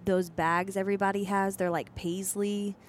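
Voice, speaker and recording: A young woman co-hosting a podcast, retelling a story in a chatty, animated way with plenty of fillers. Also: medium pitch, moderate pace, a little hiss or hum. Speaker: podcast co-host. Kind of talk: casual storytelling chat.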